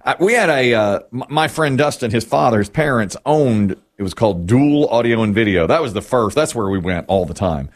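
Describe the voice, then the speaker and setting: A man's voice: medium pitch, expressive, fairly quick, hardly any pauses. A man hosting a radio show in a studio, telling stories in casual banter and laughing often.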